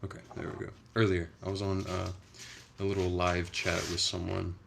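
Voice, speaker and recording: A young man hosting a casual livestream, chatting in a soft-spoken, rambling way. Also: sits low, completely flat delivery, moderate pace, gravelly, noisy background. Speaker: livestream host.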